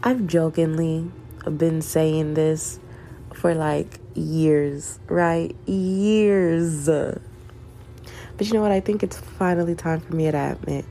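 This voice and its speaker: A woman's voice: low voice, steady tone, slow pace, warm tone, faint music behind. A young woman in her twenties with a Southern US accent, chatting alone in a candid, rambling way, swearing and laughing as she talks. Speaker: podcaster. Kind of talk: casual solo chat.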